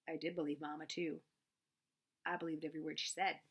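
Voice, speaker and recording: A woman reading a children's novel aloud with expressive, animated narration. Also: sits low, fairly quick, pauses often, breathy edge. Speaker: reader. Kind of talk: storybook read-aloud.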